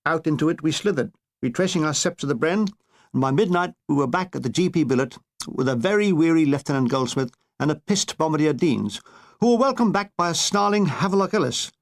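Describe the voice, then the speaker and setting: An older man reading his own comic memoir with wry, deadpan asides. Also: on the high side, a little fast. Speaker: author narrating his memoir.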